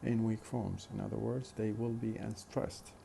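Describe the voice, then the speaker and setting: A man teaching a phonetics lesson in a slow, deliberate way, repeating example questions. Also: fairly low pitch, flat delivery, gravelly, mellow, slight background noise. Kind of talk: recorded lecture.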